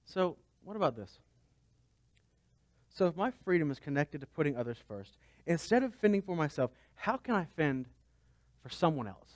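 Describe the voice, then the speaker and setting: A man's voice: on the high side, sing-song, moderate pace, no room sound, clean studio sound. A man pastor preaching a conversational sermon, asking his listeners rhetorical questions.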